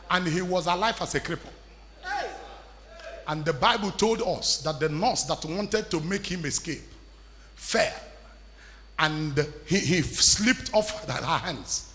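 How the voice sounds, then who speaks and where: A man preaching a sermon, emphatic, repeating lines and building to shouts, in an echoey church hall with faint music. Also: fairly high pitch. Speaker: pastor.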